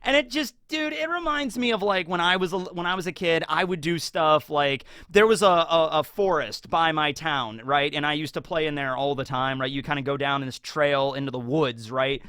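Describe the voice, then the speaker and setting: Excitable, rambling young-sounding man. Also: a little high, normal speed, hardly any pauses, smooth, no room sound, clean studio sound. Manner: excitable, rambling, lots of fillers and tag questions. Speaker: YouTuber. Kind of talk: casual anime recap.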